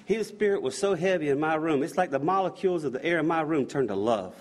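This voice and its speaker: A man giving an earnest spoken faith testimony, halting and restarting his words and often dropping to a soft hush. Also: on the high side, lively intonation. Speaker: speaker giving a personal testimony.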